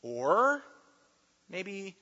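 Bright-voiced preacher, emphatic. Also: male voice, high voice, sing-song, very slow. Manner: emphatic, repeats key phrases, playful asides. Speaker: pastor. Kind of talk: sermon. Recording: dull recording with long hall reverb.

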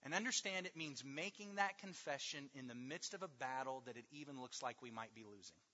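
A male preacher with a bright, forceful, somewhat high voice delivers an emphatic sermon. He builds his points through repetition and slows way down on key words. The sound is dull and lo-fi, with a long hall reverb trailing each phrase. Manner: emphatic, with rhetorical repetition and slow drawn-out stresses.

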